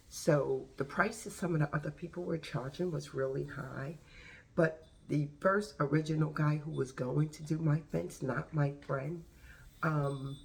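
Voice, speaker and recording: Gravelly-voiced woman vlogging from home. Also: deep voice, darkish tone. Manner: chatty, rambling, with frequent asides. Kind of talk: casual storytelling to camera. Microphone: video camera.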